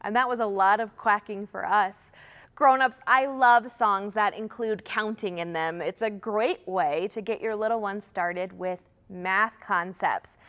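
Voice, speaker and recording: A woman's voice: mid-range voice, measured pace, a bit bright, in a large hall. A woman librarian leading a storytime for toddlers, singing songs and talking to children and their grown-ups in a sing-song, encouraging way.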